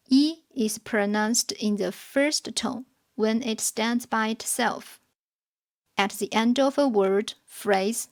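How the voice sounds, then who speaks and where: A woman with a fairly high voice reads a beginner lesson. She explains each rule slowly, pausing between examples. Her delivery stays measured and carefully enunciated. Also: darkish tone. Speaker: language teacher. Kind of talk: slow scripted lesson narration.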